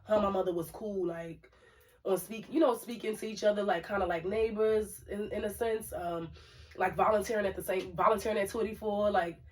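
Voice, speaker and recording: A little fast and steady in tone, this medium-pitched woman co-hosts a laid-back storytelling podcast, using lots of fillers and asides to listeners. She's from Brooklyn, and her voice sounds somewhat distant from the mic.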